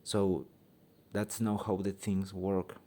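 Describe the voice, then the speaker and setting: Mexican guy ranting on his channel in second-language english, lots of ums, swears, soft dark tone. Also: deep voice, little pitch movement. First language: Spanish. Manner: halting, searching for words, many ums; blunt, swears freely. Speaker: channel host. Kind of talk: opinion vlog rant.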